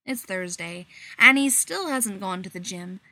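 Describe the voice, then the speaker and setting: A woman reads a short story aloud at a slow, unhurried pace. Her voice is bright and lively in pitch, and the room sounds dry and close. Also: dry recording. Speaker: narrator. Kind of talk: storybook narration.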